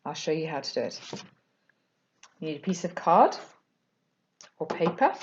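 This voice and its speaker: A woman giving a gentle storytelling children's talk for a church, explaining things plainly to young listeners. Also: low voice, sing-song, moderate pace, slight background noise. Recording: echoey room, slightly dull sound.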